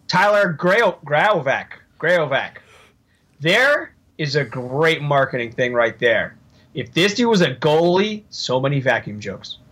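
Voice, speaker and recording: A man co-hosting a podcast in casual chat, rambling and joking as he thinks out loud. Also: mid-range voice, very animated, unhurried. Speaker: podcast co-host.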